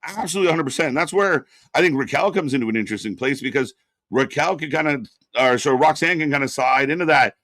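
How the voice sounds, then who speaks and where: Fairly high-pitched and fast, this man's voice comes through a dry, studio-quality recording. He co-hosts a live wrestling watch party, reacting and chatting in a rambling, filler-heavy way punctuated by loud bursts of excitement.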